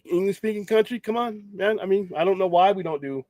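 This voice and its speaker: A man's voice: sits high, a little fast, darkish tone, no echo. A man hosting a late-night geek talk show, rambling casually with strong opinions, frequent restarts and some swearing. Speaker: podcast host.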